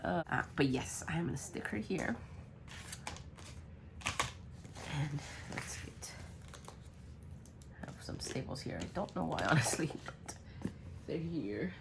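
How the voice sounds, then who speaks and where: A woman's voice: low voice, lively intonation, takes it slowly, vocal fry, long pauses, noisy background. A woman chatting casually while crafting a journal, rambling with lots of ums, her voice worn and congested from being sick. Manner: rambling, full of ums, muttering while working.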